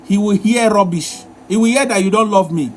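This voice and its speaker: Hosting live relationship advice on a stream, a high-pitched man talks fairly quickly in a lecturing, emphatic, repetitive manner. A faint hiss or hum sits under his voice.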